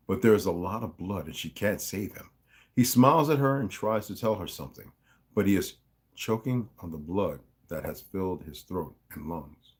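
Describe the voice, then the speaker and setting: A man hosting a stream, reading a novel aloud in a casual way and often stopping to comment and correct himself. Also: lowish voice.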